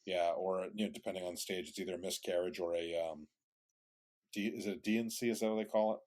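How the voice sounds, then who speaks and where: A man's voice: sits low, fairly even intonation, fast, darkish tone. A man co-hosting a podcast, telling a rambling casual story with many restarts and some swearing. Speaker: podcast co-host.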